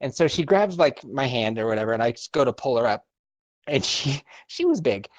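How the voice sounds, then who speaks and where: A man's voice: medium pitch, expressive, fairly quick, no echo. A young man co-hosting a podcast, telling a story in casual, profane chat and laughing often. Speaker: podcast co-host.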